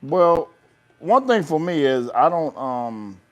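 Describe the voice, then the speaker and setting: A man's voice: fairly high pitch, sing-song. A man co-hosting a casual barbershop talk show, teasing his partner and jumping in with questions. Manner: teasing, quick to laugh and jump in. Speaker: co-host.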